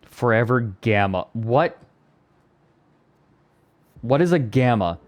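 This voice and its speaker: A man streamer in casual live chat, excitable and prone to repeating words in quick bursts. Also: mid-range voice.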